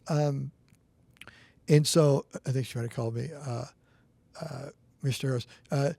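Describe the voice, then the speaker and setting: Middle-aged guy rambling through a story on a podcast mic, mellow dry sound. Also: medium pitch, steady tone, unhurried, vocal fry, pauses often, dry recording. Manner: rambling, restarts, earnest storytelling. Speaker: podcast co-host. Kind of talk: casual storytelling chat.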